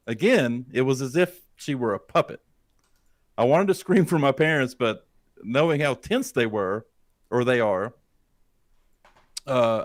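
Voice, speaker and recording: Man, podcast co-host, suspenseful spooky story, profane, asks the listeners questions, mid-pitched voice, dead dry room. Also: no room sound. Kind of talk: dramatic retelling of a creepy first-person story. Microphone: studio dynamic mic.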